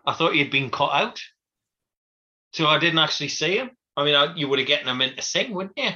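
Hesitant man with bright voice. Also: a little high, lively intonation, a little fast, dull audio. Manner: dry, hesitant, stammering restarts. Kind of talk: casual chat.

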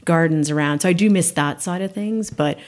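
A woman from Canada in her thirties, a guest in a casual chat who tells animated stories and laughs often. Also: on the low side, a little fast. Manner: animated storyteller, acts out quotes, laughs often.

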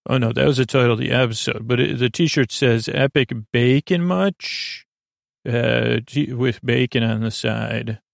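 A man hosting a sleep podcast, recapping a TV episode in a halting, meandering way with many filler sounds and self-corrections. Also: medium pitch, vocal fry, no room sound, clean studio sound.

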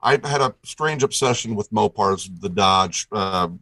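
A man's voice: fairly low pitch, measured pace, sharp tone, no echo, rough recording. A middle-aged man telling a long story as a guest, enthusiastic and rambling, restarting his sentences often. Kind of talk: casual storytelling chat.

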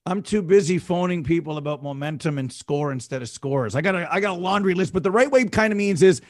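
A man's voice: fairly high pitch, animated, quick pace, no room sound. A man co-hosting a casual hockey podcast, answering with short, dry quips. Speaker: podcast co-host. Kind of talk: casual sports chat.

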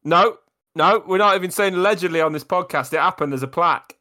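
Brisk improv host calling the game. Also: medium pitch, sharp tone. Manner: brisk, cuts in with short calls. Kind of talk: game calling and podcast chat.

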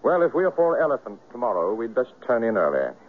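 An actor playing a cool, laconic big-game hunter in a 1970s radio drama, with a dry, clipped delivery. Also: male voice, mid-range voice, very animated, brisk, heavy background noise, lightly acted. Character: cool, cocky white hunter turned bewildered man. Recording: tinny lo-fi radio broadcast.

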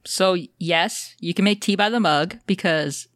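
A woman co-hosting a podcast in casual chat, animated, swearing and laughing often. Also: lowish voice, measured pace, no echo, clean studio sound. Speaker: podcast co-host.

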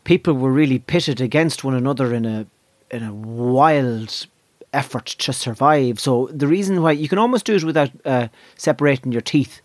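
A man's voice: mid-range voice, no room sound. A man with an Irish accent doing a stand-up routine, swearing freely and rambling from one thought to the next. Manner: profane, rambling, jumps into quick impressions. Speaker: stand-up comedian.

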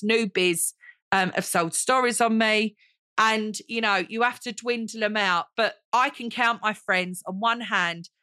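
A woman talks straight into a close mic, gushing and theatrical as she hosts her solo podcast. Her voice is bright and forceful, and the recording is dry. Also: medium pitch, no room sound. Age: 40s. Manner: gushing, theatrical, calls listeners honey. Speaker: podcast host. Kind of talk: chatty solo podcast monologue.

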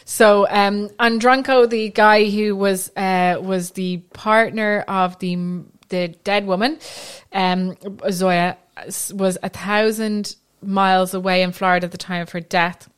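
A woman's voice: mid-range voice, fairly even intonation, unhurried, few pauses, smooth. A woman podcast host telling a true crime story in a chatty way, with frequent ums and restarts. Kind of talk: casual storytelling chat.

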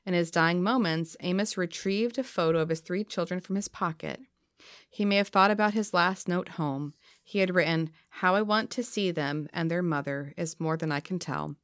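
Tired woman podcaster, kinda low voice, super dry close sound, just chatting and reading history notes. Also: moderate pace, a bit bright, no echo. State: tired, half asleep. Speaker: podcast co-host. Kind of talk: casual chat and read-out history.

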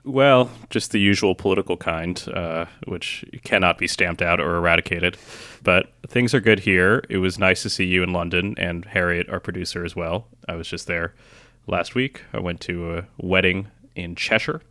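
A man's voice: low-pitched, moderate pace, pushed and bright, dry recording. A man with an American accent, a correspondent chatting on a news podcast with dry, easygoing humor. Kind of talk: conversational news chat.

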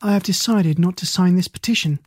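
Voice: medium pitch, a little fast, a little mellow, slightly rough, close to an everyday voice. A narrator voicing a worried, kindly middle-aged aunt who speaks in an anxious, earnest way.

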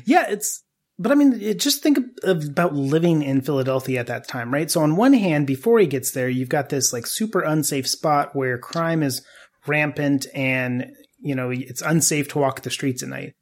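A man's voice: fairly high pitch, animated, moderate pace. A man hosting a podcast, telling a history story casually with asides to his co-hosts.

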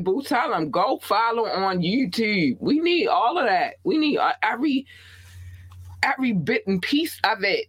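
Laid-back Baltimore-accented woman podcast host. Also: dry recording. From Baltimore, USA. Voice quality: animated, swooping up high when excited. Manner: laid-back, blunt, frequent "um" and laughter. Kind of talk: casual podcast sign-off chat. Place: small home studio.

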